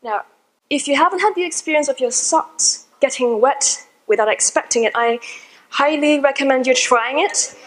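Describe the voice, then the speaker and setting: High-voiced woman telling a funny story. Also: moderate pace, low-quality recording. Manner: chatty, self-deprecating, laughs at her own story. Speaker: conference speaker. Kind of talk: storytelling talk to a live audience. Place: hall with a live audience.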